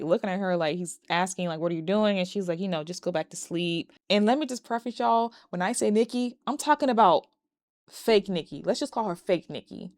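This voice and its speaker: A woman recapping a horror movie in a casual, animated and profane way, breaking into laughs. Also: lowish voice, dry recording, clean studio sound. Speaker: movie reviewer.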